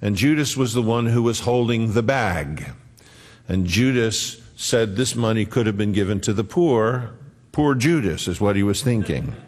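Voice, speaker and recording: A man's voice: fairly low pitch, slightly rough. A man preaching a sermon in an earnest, conversational way, acting out the quotes he tells. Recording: long hall reverb.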